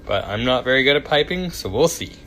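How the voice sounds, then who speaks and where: Bright-voiced man chatting through a kitchen demo. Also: medium pitch, expressive, a little fast. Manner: chatty and self-deprecating, with fillers and asides. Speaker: cooking show host. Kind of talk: casual cooking demonstration. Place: home kitchen.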